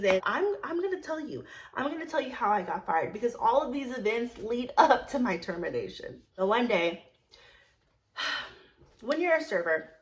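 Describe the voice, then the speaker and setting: A young woman telling a story about a past job in a casual, blunt way, swearing freely and filling with "like", dropping low and quiet, then rising loud and indignant. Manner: chatty, blunt, swears freely, many "like" fillers. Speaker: vlogger telling a work story.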